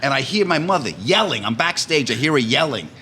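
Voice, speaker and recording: A man's voice: medium pitch, brisk, slight background noise. A man chatting as a guest, telling family stories with energy and putting on the voices of the people in them. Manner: animated storyteller, acts out family voices. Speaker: comedian guest. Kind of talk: casual chat, storytelling.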